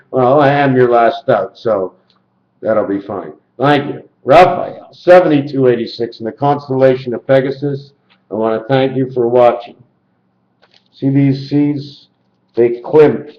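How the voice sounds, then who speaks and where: A man talking to camera in a rambling monologue, jumping into quoted voices with sudden pitch leaps. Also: roomy sound, lo-fi sound. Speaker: video maker.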